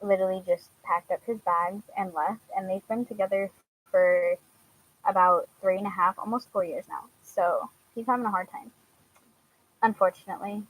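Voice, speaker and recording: A woman's voice: medium pitch, steady tone, moderate pace, rough recording. Chatty young woman, hesitant and laughing. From Washington, US. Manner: hesitant, many fillers, laughs often. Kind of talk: casual chat answering viewers.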